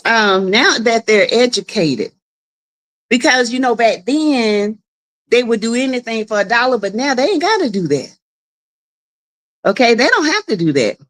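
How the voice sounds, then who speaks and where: A woman's voice: on the high side, lively intonation, normal speed, fairly bright tone. A woman hosting a casual live stream from her home, chatting with viewers, greeting them by name and laughing often. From South Carolina. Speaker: livestream host.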